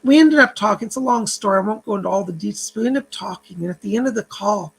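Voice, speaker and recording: A man's voice: high-pitched, fast talker, gravelly, husky. A man who works as a psychic, giving an earnest, uplifting spiritual vlog message and retelling a phone call. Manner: preachy, uplifting address to viewers.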